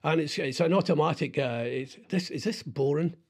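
A middle-aged man hosting a radio show, rambling in casual chat with lots of halting restarts and self-deprecating asides. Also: fairly high pitch, darkish tone. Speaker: radio host.

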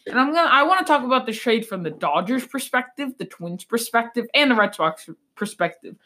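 A woman's voice: fairly high pitch, lively intonation, brisk, sharp tone. A woman hosting a sports podcast, giving blunt, opinionated takes in a loose, rambling way with frequent restarts. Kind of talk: casual sports talk.

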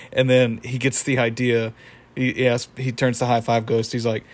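A man's voice: mid-range voice, monotone, normal speed. A young man casually recapping a cartoon episode, rambling and correcting himself, chuckling as he goes. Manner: rambling, self-correcting, chuckles, acts out quotes. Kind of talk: casual retelling with impressions.

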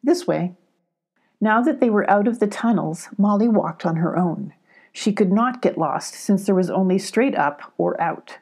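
A woman narrating a children's storybook with gentle, even pacing. Her voice is gravelly and husky, with a dark, mellow tone. She tells the story calmly from line to line. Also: medium pitch, moderate pace. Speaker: audiobook narrator.

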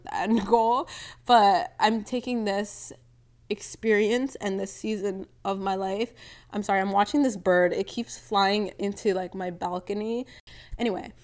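Chatty twenty-one-year-old woman podcaster. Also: medium pitch. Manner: chatty, rambling, with frequent "like" and laughs. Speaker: podcast host. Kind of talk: casual solo podcast chat. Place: home, near a balcony.

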